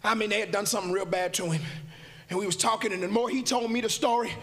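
A man a sermon to his congregation, shouting and half-singing his lines, often dropping to a quiet, close tone. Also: sits high, fairly even intonation, quick pace. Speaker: pastor. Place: church sanctuary.

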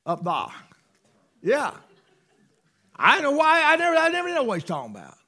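A middle-aged man preaching a sermon, fervent, swinging between loud bursts and hushed asides. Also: very high-pitched, huge pitch swings, normal speed.

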